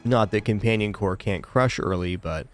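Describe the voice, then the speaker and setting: Low-voiced male streamer thinking aloud. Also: moderate pace, faint music behind. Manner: thinks aloud, weighing choices. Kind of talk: casual gameplay commentary.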